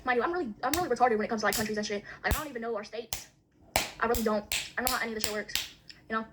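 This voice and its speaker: A woman's voice: fairly high pitch, very fast, very noisy. A young woman ranting bluntly in casual chat, swearing constantly.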